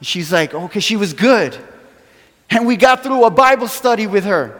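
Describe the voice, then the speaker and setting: A man preaching a sermon, telling stories with animated acted-out quotes and chuckles, from a church sanctuary. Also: sits high, normal speed. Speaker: pastor. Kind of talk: sermon storytelling. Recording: long hall reverb.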